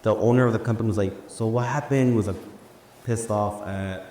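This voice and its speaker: A man tells a story at a live event in a slangy, animated way, acting out what people said. His voice sits a little low. The sound is roomy, with a long hall reverb and faint ambience behind him. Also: quick pace, a little hiss or hum. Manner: animated, slangy, acts out quoted dialogue. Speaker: speaker sharing a personal story. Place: large room before a live audience.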